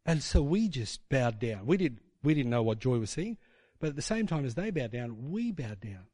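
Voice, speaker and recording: A middle-aged man shares a testimony in a sermon, rambling and conversational, often checking in with his listeners through tag questions. His voice sits at an ordinary pitch and sounds dry and close. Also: very animated, moderate pace, warm tone, no echo. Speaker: preacher.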